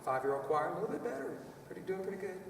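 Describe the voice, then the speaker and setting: A man's voice: high voice, very animated, very fast, creaky, background noise. A man leading a children's choir workshop, chatty and rambling, with playful vocal demonstrations. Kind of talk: music workshop lesson. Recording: echoey hall from far off.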